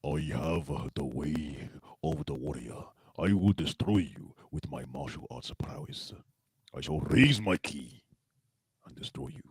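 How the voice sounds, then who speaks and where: A man putting on a cliché anime-style martial-arts warrior who makes slow, solemn, boastful threats. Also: extremely low pitch, lively intonation, slightly rough, no room sound, voice pushed down, full character voice, poor audio. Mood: menacing.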